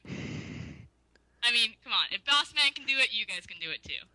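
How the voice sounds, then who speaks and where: A woman's voice: fairly high pitch, animated, normal speed, pushed and bright, dry recording, rough recording. A woman co-hosting a casual podcast, teasing and laughing a lot. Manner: giggly, teasing. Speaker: podcast co-host. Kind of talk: casual chat.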